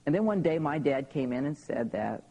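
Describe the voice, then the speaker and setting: A man's voice: fairly high pitch, lively intonation, normal speed, mellow, poor audio. A man in his thirties tells personal stories in a live seminar talk to an audience, often checking in with "okay?". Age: 30s. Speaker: seminar speaker.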